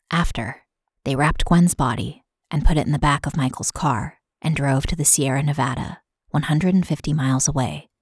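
Female podcast host for scripted true crime, matter-of-fact delivery, low and breathy. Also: dry recording, studio quality. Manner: steady, matter-of-fact reading.

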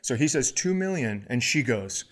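A podcast co-host, male, spins a comic anecdote in an easy, chatty voice. He jumps into other people's voices mid-sentence, pitching up for the quotes, then drops back to his plain telling. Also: normal speed. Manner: animated storyteller acting out quoted people. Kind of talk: casual comedic storytelling.

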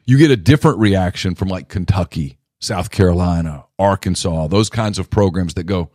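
A man co-hosting a sports podcast in casual talk, emphatic and repetitive, jumping up to a near shout on the points he presses. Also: low voice, moderate pace, no room sound, studio quality. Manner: emphatic, repeats himself, rising to a near shout on key phrases. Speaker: podcast co-host.

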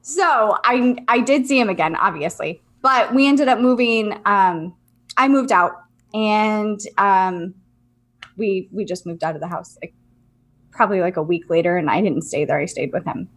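A young woman co-hosting a podcast, telling a spooky story in a casual, animated way, laughing often and swearing. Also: medium pitch, moderate pace. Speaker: podcast co-host.

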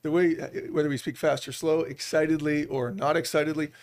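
A middle-aged man speaking as a business-leader guest on a podcast, an animated storyteller who acts out bits of quoted dialogue. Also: a little high, a little fast. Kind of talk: podcast interview.

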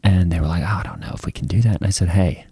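A man plays a self-satisfied youth pastor with a low, mellow voice, spinning a rambling anecdote padded with ums, uhs and restarts. The sound is close and dry. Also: racing, breathy edge, no room sound. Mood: rambling, earnest. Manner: rambling storytelling with many fillers and restarts. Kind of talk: improvised comedy character.

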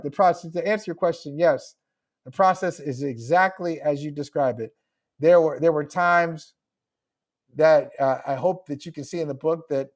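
Answering podcast interview questions over a remote connection, an author guest talks at a normal pace in a voice on the high side. He is reflective and emotional and laughs often.

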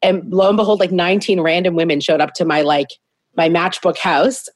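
A woman's voice: on the low side, fairly even intonation, fairly quick, dry recording. A woman in her thirties, a business founder, telling her story as a guest in a casual interview from her home in a candid, chatty and self-deprecating way.

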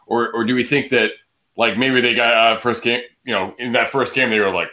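A man's voice: medium pitch, steady tone, a little fast, sharp tone. A man hosting a casual sports podcast, talking in a loose, rambling way with many restarts.

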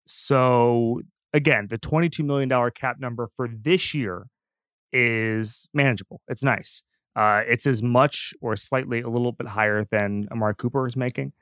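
A man's voice: medium pitch, steady tone, normal speed, fairly bright tone, no echo. A man hosting a sports podcast, talking casually and emphatically with frequent restarts. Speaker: podcast host.

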